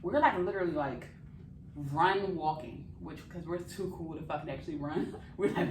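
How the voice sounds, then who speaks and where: A young adult woman vlogger telling a travel story in casual chat, animated and swearing freely, recorded in a hotel room. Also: on the low side, normal speed, a little hiss or hum. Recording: echoey room, camera at a distance.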